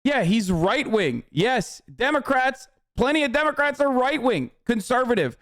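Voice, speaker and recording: A man's voice: very high-pitched, big pitch swings, moderate pace, a bit bright, dry recording, studio quality. A young man hosting a livestream, ranting in a casual, profane and argumentative way. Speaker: livestream host.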